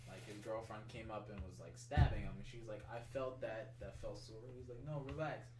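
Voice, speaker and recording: A man's voice: on the low side, steady tone, a little fast, roomy sound, distant mic, loud music behind the voice, low-quality recording. A man casually retelling a story at length, rambling with many "like"s and swears. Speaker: co-host.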